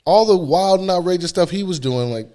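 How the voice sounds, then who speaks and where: A man's voice: sits high, lively intonation, a little fast, mellow, clear, resonant tone. Slangy, profane male podcast co-host. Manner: loose, slangy, profane, laughs easily. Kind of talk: casual chat.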